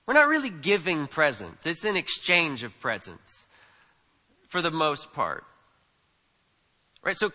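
A man's voice: high-pitched, bright, forceful tone. A man preaching a sermon in a conversational, emphatic way, repeating words and asking the crowd "right?". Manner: conversational, emphatic, with frequent repetitions and tag questions. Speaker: pastor. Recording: long hall reverb.

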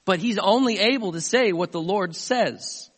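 A man preaches a sermon, telling the story in an animated way and breaking off for asides to his listeners. His voice sits a little high, and a long reverb hangs in the sanctuary. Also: normal speed. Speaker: pastor.

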